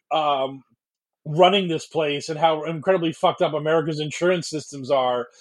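A man's voice: sits high, a little mellow, breathy edge. A man who works at a hospital, talking on a podcast in an exasperated rant. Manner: exasperated ranting. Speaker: podcast co-host, hospital worker. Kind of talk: casual chat.

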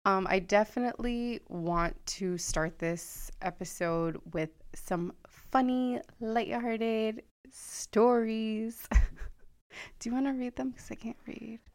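A woman hosting a podcast in casual chat, expressive and quick to react. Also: fairly high pitch. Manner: expressive, reacts with laughs and exclamations. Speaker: podcast host.

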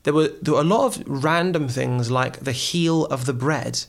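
A man's voice: medium pitch, moderate pace, vocal fry. A man from England, a TV presenter, talking as a podcast guest in an earnest, reflective storytelling manner. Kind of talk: conversational interview.

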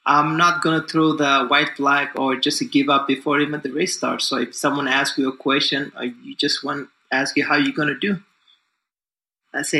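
A confident man in his forties talks about himself in a loose, easygoing flow, circling back with fillers. His voice sits a little high and rings bright and forceful. The room around him is echoey. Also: flat delivery, normal speed, creaky. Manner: confident and upbeat, loose and rambling with many fillers. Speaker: guest, distance runner. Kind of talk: casual interview talk.

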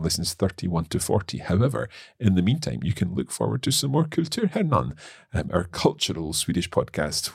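This is a man hosting a language lesson podcast. His voice sits low with a husky edge, yet his pitch moves about a great deal. He sounds out new phrases slowly, with small hesitations, and the recording is close and dry. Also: darkish tone, dry recording. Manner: working slowly through foreign phrases, hesitant fillers. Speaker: podcast host and learner.

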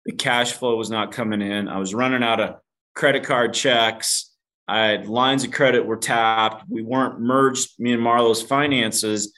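A man's voice: mid-range voice, fairly even intonation, a little slow, sharp tone. Candid, self-mocking man telling a story. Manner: self-deprecating, casual swearing; calls the host dude. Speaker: podcast guest. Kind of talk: candid storytelling in a podcast interview.

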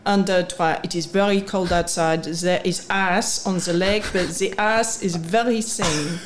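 A woman voicing a stern mother cat with a put-on French accent, warning her kittens slowly in a joke. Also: on the low side, steady tone, background noise, lightly acted. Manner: slow, careful warnings.

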